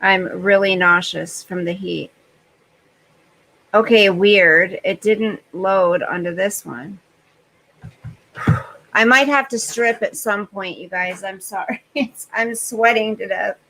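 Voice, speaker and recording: In a rough recording, a woman hosting a casual live stream talks slowly with a sharp tone, her mid-range voice pausing often. She's hot and sweaty as she reads out viewers' comments and responds to each one.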